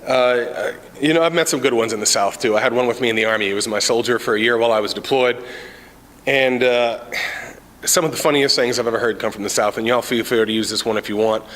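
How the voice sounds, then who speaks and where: A man telling stand-up comedy stories in a casual, deadpan way, with many "uh" fillers, recorded in an indoor common area. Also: mid-range voice, quick pace. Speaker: amateur stand-up comic, Army sergeant. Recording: reverberant indoor room.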